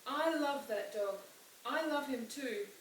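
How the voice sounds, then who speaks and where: A woman voicing a gentle, sad father who is a preacher, speaking softly and tenderly. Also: sits high, slow, voice pushed up. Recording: roomy, distant mic, faint hiss.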